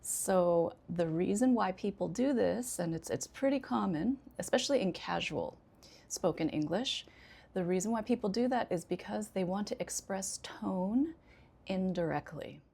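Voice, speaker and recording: An American woman, an ESL teacher, explaining intonation in an unhurried way with frequent pauses. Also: mid-range voice, lively intonation, creaky, mellow, husky. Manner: unhurried, many 'um' pauses, demonstrates intonation examples. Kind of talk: casual instructional talk.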